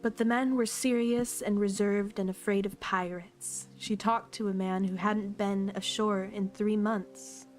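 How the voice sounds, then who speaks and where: Woman reading a book on stream, calm and slow, voice a bit worn, clears her throat now and then, faint music behind. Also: medium pitch. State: slightly losing her voice. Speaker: streamer reading a novel aloud.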